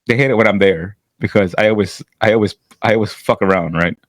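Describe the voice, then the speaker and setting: A man's voice: lowish voice, quick pace, no room sound. A man from Chicago co-hosting a podcast, telling stories in casual banter and acting out what people said. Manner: animated storyteller, acts out quotes, laughs a lot. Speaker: podcast co-host.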